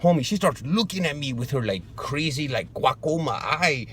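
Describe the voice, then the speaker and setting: A man's voice: on the high side, lively intonation, moderate pace, fairly bright tone, a little hiss or hum. A man playing a touchy macho street guy. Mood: rambling. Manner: slangy drawl, calls everyone fool. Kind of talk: comedy sketch monologue.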